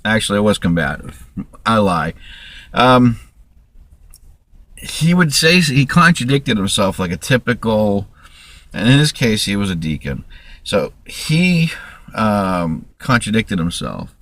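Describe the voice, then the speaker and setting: A man with a lowish voice rants to his camera in a loose, profane, rambling monologue. He trips over his words and circles back, and the room sounds dry and close. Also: sing-song, measured pace, long pauses, fairly bright tone, dry recording. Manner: profane, rambling, restarts often. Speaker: vlogger. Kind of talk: ranting monologue.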